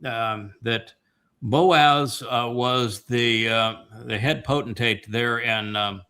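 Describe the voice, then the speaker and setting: A man hosting a family Bible-study talk show, retelling scripture in an impassioned way, with many pauses and fillers. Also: medium pitch, steady tone, pushed and bright, clean tone. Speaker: host.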